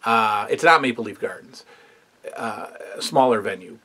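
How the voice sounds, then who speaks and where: A man's voice: lowish voice, lively intonation, normal speed, pushed and bright, slightly rough. A man hosting a casual review show, talking in a rambling, opinionated way with lots of fillers. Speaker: wrestling history show host.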